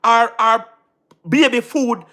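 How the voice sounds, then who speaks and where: High, bright-voiced Jamaican man. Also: fairly even intonation, takes it slowly. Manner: repetitive, emphatic, keeps asking "you understand what I mean?". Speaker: livestream host. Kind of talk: casual livestream talk.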